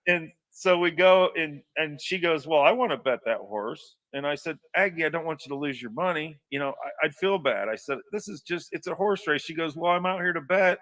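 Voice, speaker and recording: A man spins a long personal yarn with a bright, edgy tone. He restarts often and drifts into asides. His voice sounds a little distant from the microphone. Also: on the high side, moderate pace, few pauses. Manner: rambling anecdotal telling with many restarts. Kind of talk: casual storytelling.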